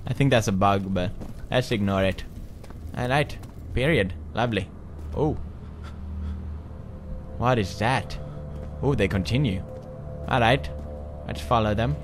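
A man's voice: lowish voice, sing-song, a little slow, long pauses, faint music behind. Goofy, jumpy man playing a horror game. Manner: jumpy, goofy, loud outbursts. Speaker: gaming commentator. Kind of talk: horror game let's play commentary.

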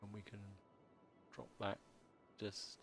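A man hosting a city-building let's play, talking casually as he plays, with a slightly croaky voice and a halting, stammering way of speaking. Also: lowish voice, flat delivery, fairly bright tone, soft background music. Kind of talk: casual gameplay commentary.

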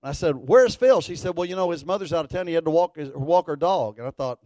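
A middle-aged man, a pastor telling a folksy story in a sermon, animated and building to fervent declarations. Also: on the high side, fast, hardly any pauses, no room sound.

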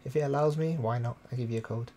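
A young man from the UK talks in a hushed, casual way to his live-stream viewers, trying not to wake the neighbors. His voice is mellow and a little gravelly. A faint room hiss sits behind him on the desk microphone. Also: mid-range voice, fast talker. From United Kingdom. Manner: talks quietly to keep from waking neighbors at night. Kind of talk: casual live-stream chat while playing. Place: room at home, early morning. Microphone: desktop USB microphone.

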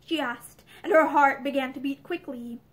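A young woman reading a novel aloud in an expressive, animated way. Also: high-pitched, moderate pace. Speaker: audiobook reader. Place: indoor room with bookshelves.

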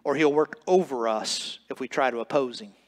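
A man's voice: medium pitch, normal speed. A man preaching a sermon as pastor in a church sanctuary, emphatic and building with repeated phrases, sometimes stumbling over his words.

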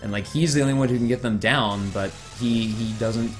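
A man's voice: mid-range voice, a little fast, faint music behind. A man co-hosting a let's play, chatting casually and animatedly, swearing freely and often laughing. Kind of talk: casual chat over gameplay.

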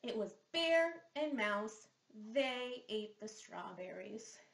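In an echoey room, a woman speech therapist with a highish, creaky voice reads a picture book slowly and animatedly to young children. Patient, sing-song questions punctuate the reading.

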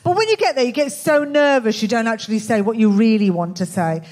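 A woman with a Birmingham accent performing a stand-up comedy set in a club, with a dry, deadpan, self-mocking delivery. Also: on the high side, a little fast. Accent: Birmingham English. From England. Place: comedy club with live audience.

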